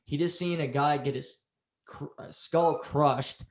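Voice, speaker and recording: In a roomy, echoing recording, a podcast co-host with a somewhat high, unhurried voice casually recaps a TV episode. His storytelling is animated, and he acts out the characters' lines as he goes.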